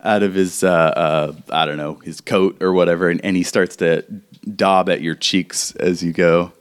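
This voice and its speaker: A man's voice: sits low, steady tone, moderate pace, smooth. A man narrating as game master in a tabletop game, rambling with fillers and restarts.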